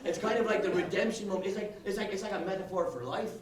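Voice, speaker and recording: A man's voice: high voice, quick pace, crowd noise. A man performing a live comedy set with a guitar, teasing the audience and tagging his lines with "all right?". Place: live venue before an audience. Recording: roomy live room, mic from a distance. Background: guitar music.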